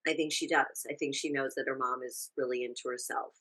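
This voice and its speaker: A woman with a low voice co-hosts a relaxed podcast chat. She gives her opinions freely and often trails off and starts her sentences again. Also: fairly quick, background noise. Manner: chatty, opinionated, trails off with restarts. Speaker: podcast co-host. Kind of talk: casual chat recapping a TV show.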